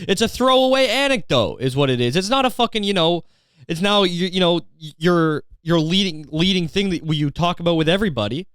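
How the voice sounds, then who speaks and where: A man's voice: high voice, animated, fairly quick, a bit bright, clean tone, no room sound, studio quality. A young man hosting a comedy podcast, ranting in a profane, sarcastic way and slipping into mocking voices. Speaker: podcast host.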